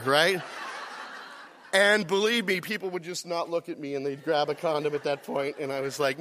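A man's voice: sits high, a little fast, pushed and bright, a little hiss or hum. A middle-aged man telling a personal story to an audience, self-deprecating and laughing through it.

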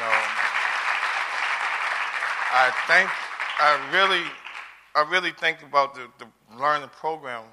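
A man's voice: mid-range voice, bright, forceful tone, slight background noise. A middle-aged man giving an earnest, tearful testimonial, rambling with many restarts. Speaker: adult learner giving a testimonial. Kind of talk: heartfelt personal testimony speech.

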